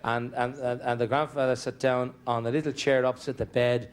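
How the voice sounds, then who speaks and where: A man's voice: mid-range voice, level tone, brisk. A man with an Irish accent doing stand-up, telling chatty, rambling family stories with comic restarts. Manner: chatty, digressive, stumbling restarts for comic timing. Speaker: stand-up comedian. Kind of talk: stand-up storytelling.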